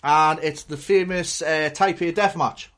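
A man's voice: fairly high pitch, steady tone, measured pace, fairly bright tone. A man co-hosting a podcast in casual chat, teasing the others and quizzing them. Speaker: podcast co-host.

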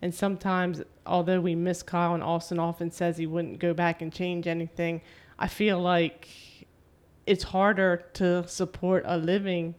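A middle-aged woman hosting a podcast, talking in a steady, sincere, plain-spoken way. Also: lowish voice, normal speed. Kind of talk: casual conversation.

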